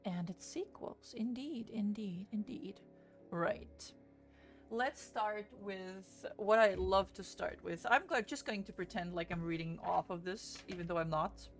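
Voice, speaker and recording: A young woman with a gravelly, fry-laden voice runs a laid-back book stream. She chats loosely and curses often, and faint music plays underneath. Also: fairly low pitch, measured pace. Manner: chatty, swears freely, greets chat excitedly. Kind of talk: casual livestream chat.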